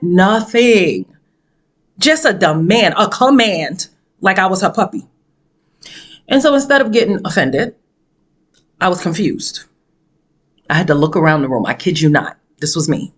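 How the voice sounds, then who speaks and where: A woman speaking as a motivational speaker, telling a story dramatically with sudden jumps in pitch and emphatic, repeated phrases. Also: very animated, a little slow, pauses often. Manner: emphatic, preachy delivery with repetition. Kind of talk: storytelling monologue.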